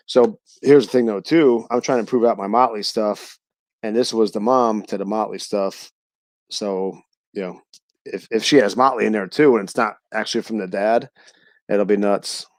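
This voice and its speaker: A man's voice: on the low side, normal speed, dry recording. Laid-back, laughing man with a profane mouth. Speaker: guest reptile breeder. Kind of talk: casual chat.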